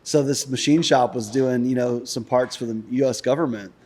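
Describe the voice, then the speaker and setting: A man's voice: medium pitch, fairly even intonation, moderate pace, a little mellow. A man talking casually as a podcast guest, speaking in loose, rambling sentences with many fillers, recorded inside an old industrial building. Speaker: guest, pipe business founder.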